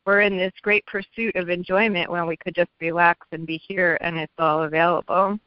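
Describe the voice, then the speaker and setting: Casual female radio caller, relaxed and talky, dry muffled line. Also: fairly low pitch, a little fast, no echo. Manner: casual, chatty, laughs. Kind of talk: call-in radio talk. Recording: dry, dull lo-fi sound.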